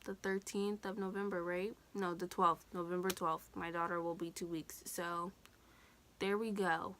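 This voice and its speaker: A woman's voice: on the low side, flat delivery, measured pace, fairly bright tone, slight background noise. Chatty teen woman vlogger. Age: teens. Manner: chatty, candid, swears casually. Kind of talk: casual storytelling vlog.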